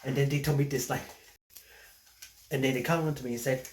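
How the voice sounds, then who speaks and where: A man telling a rambling comic story as a stand-up comedian, halting with many restarts. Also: medium pitch, steady tone, darkish tone, slight background noise. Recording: echoey room, mic at a distance.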